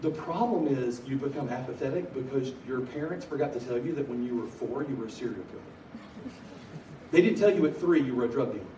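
Energetic preacher man, echoey room. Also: medium pitch, brisk, a little hiss or hum. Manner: energetic storytelling, bursts of excitement. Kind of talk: sermon. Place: large room at a college gathering. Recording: echoey room from a distance, faint ambience.

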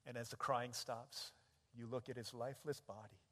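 Impassioned preacher in a reverberant hall. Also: male voice, mid-range voice, fairly even intonation, a little slow, long pauses, breathy edge. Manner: dramatic storytelling, builds to loud impassioned shouting. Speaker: pastor. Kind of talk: sermon. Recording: echoey hall with long reverb.

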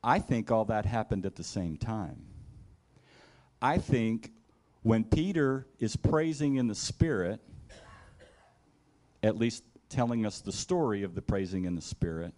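Man preaching with animated storytelling. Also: lowish voice, a little slow, long pauses. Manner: animated storytelling, acting out scenes in the first person; conversational, with asides like "right?". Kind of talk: sermon.

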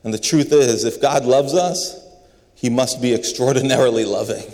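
The long reverb of a large hall surrounds a pastor preaching earnestly inside a large building. His mid-range voice has a darkish tone and moves at a moderate pace, and he frequently repeats words to stress what he's saying.

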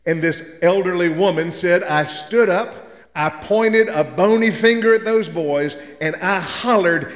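Older man, from Memphis, preaching a sermon, folksy storytelling, high voice, roomy church echo. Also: normal speed. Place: church sanctuary. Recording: echoey church hall.

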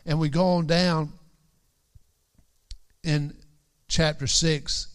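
Slow, smooth-voiced male preacher. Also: on the high side, steady tone, fairly bright tone. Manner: earnest, repeats phrases for emphasis; quotes scripture in King James wording. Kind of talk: sermon.

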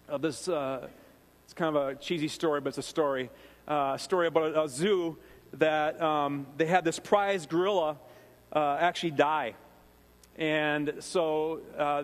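A man from Minnesota with a Minnesotan accent, preaching a sermon in a conversational, animated storytelling way with frequent fillers and restarts. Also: a little high, normal speed. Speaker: pastor. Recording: long reverb of a large hall.

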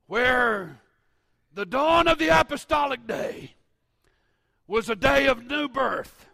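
Fifties male pastor, gravelly fry, dry close sound, fervent preacher swinging from shouts to quiet asides. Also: very high-pitched, expressive, slow pace, long pauses, no room sound. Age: 50s. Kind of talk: sermon.

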